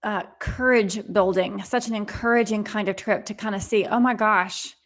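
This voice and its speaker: Woman host, mid pitch, thoughtful, hedges her questions. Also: fairly even intonation, normal speed. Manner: thoughtful, hedging. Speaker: interview host. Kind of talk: interview conversation.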